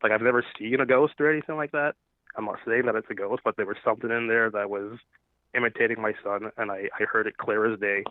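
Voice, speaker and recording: A man calling in to tell a ghost story, halting and nervous, full of fillers. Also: lowish voice, fairly even intonation, no echo. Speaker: caller. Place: at home. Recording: tinny phone line.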